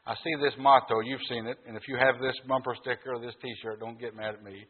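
A male preacher delivers a sermon in a husky voice. He talks to his congregation in a folksy, conversational way. The recording is thin and phone-like. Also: medium pitch, fairly even intonation, fairly quick. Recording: tinny, phone-like sound.

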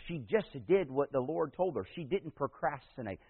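A man preaches with a slightly husky voice, rising to loud, emphatic peaks as he tells a story from his church. His voice comes through a narrow, tinny, phone-like recording. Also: fairly high pitch, expressive, normal speed, big-room sound. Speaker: pastor. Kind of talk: sermon.

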